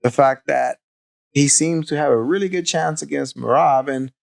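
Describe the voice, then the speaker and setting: Measured, candid male podcast co-host. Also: on the high side, vocal fry. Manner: measured, candid, hesitant with fillers. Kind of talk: casual fight recap chat.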